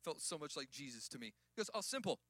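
A man preaching a sermon as pastor, building from quiet stories up to loud, shouted emphasis. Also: medium pitch, fast talker, no room sound.

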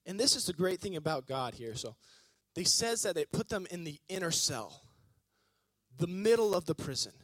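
A male preacher giving an energetic, joking sermon and calling on the congregation to respond. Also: high voice, normal speed, dry recording. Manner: energetic, joking, calls on the audience.

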